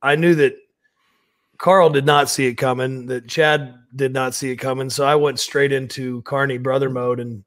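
A man's voice: mid-range voice, little pitch movement, normal speed, fairly bright tone, no room sound, studio quality. A man speaking as an interview guest, profane and laughing, with a confident, businesslike bravado. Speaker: guest wrestler. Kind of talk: casual interview chat.

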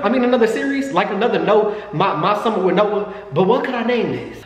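Excitable man in a very echoey room. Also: high voice, fast talker, hardly any pauses. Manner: excitable, profane, chatty. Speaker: vlogger. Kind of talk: casual storytime vlog. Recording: echoey room with long reverb, faint noise.

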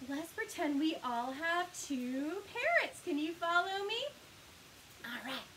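A woman's voice: very high-pitched, animated, slow pace, fairly bright tone, a little hiss or hum. A woman children's librarian leading a storytime, talking to small children in an exaggerated, cheerful, sing-song way.

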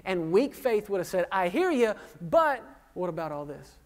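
Darkish in tone though it sits high, this very animated voice keeps a normal speed. It belongs to a pastor in his thirties, preaching in a reverberant church hall, who quizzes the congregation and makes fun of himself.

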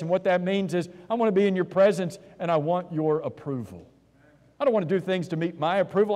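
A man's voice: on the high side, a little mellow. A man preaching an earnest sermon in a church, asking rhetorical questions and often repeating words as he starts a thought. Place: church sanctuary. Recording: long church-hall reverb.

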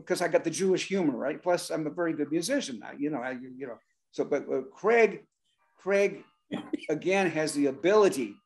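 An older man, a drummer, telling an animated story on a talk show and acting out the voices of the people in it. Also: on the high side, moderate pace. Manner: animated, acts out voices and shouts in his stories. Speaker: guest drummer.

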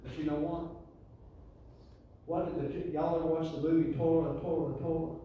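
Pastor preaching, voice a bit high, big echoey church, mic far off. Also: male voice, level tone, normal speed, lo-fi sound, a little hiss or hum. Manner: builds to loud call-and-response preaching. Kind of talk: sermon. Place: church sanctuary.

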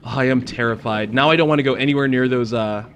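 A man's voice: medium pitch, quick pace, a little hiss or hum. A man casually commenting on his own video game as he plays, easily startled and prone to swearing. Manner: excitable, swears and yells when scared. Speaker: gaming channel host. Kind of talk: casual let's-play commentary.

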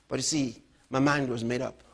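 A middle-aged man preaching a sermon as a pastor, emphatic, moving between loud outbursts and low, quiet storytelling. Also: fairly even intonation, moderate pace.

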